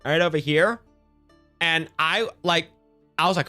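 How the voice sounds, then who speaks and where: A man's voice: on the high side, measured pace, sharp tone, faint music behind. A young man chatting casually on a livestream, rambling and swearing a lot as he greets viewers by name.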